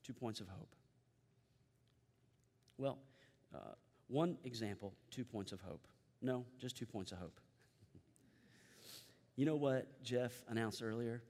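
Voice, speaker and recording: A man's voice: mid-range voice, slow, pauses often, darkish tone, big-room sound. A pastor preaching a sermon to his congregation, emphatic and repeating key phrases as he leads them in recitation.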